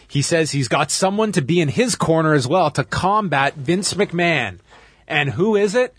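A man's voice: a little high, moderate pace, breathy edge, no room sound. A Canadian man hosting a podcast, animatedly recapping events in casual chat and laughing along. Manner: animated storyteller who laughs while recapping. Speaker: podcast host.

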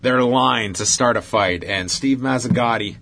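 A man's voice: mid-range voice, measured pace, a bit bright. A man hosting a casual talk show, recapping an old fight in detail with frequent fillers.

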